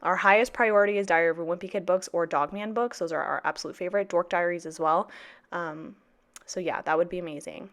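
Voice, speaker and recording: A young woman in her twenties talks through her planner in a loose, rambling vlog style. Her voice sits a bit low for a woman. She is sassy and profane, with plenty of fillers. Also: fast. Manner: chatty, sassy, swears freely, many fillers. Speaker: teacher, planner vlogger. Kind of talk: casual planner vlog chat.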